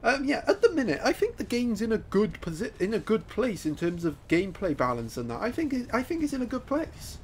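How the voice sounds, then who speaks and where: Brief: male gamer, animated and jokey, taunts opponents, voice on the higher side. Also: fairly quick, hardly any pauses, slight background noise. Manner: excitable, laughing, taunting opponents. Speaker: gaming YouTuber. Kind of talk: live gameplay commentary.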